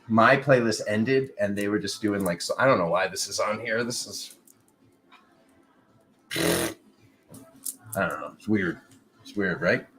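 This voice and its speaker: A man giving a casual livestream tarot reading, playful and jokey, laughing often and swinging from loud remarks to mutters. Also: lowish voice, a little hiss or hum. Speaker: tarot reader.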